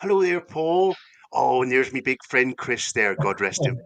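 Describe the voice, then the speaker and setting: A man's voice: mid-range voice, sing-song, moderate pace, fairly bright tone. A man voicing a chatty country village man in a Gloucestershire accent, greeting friends in a sing-song way. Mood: folksy. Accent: Gloucestershire, put on.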